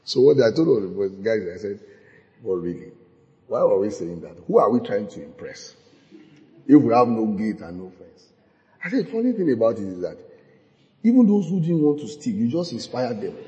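A male preacher teaches from the Bible with a lively, swinging delivery and breaks into laughter often. His voice carries a long, hall-like reverb. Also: fairly low pitch, normal speed, long pauses, lo-fi sound.

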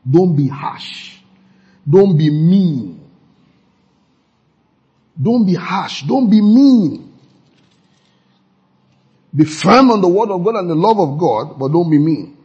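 A man preaching a sermon as a pastor. He swings suddenly between loud and soft, acts out quoted gossip and repeats lines for emphasis. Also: high voice, big pitch swings, takes it slowly, long pauses, slightly rough. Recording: dull lo-fi recording.

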